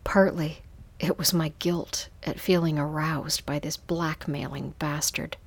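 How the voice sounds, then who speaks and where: A woman reads an intimate first-person story in a soft, hushed voice. Her tone is low and breathy, and she takes it slowly and unhurriedly. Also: fairly even intonation, no room sound. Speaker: narrator.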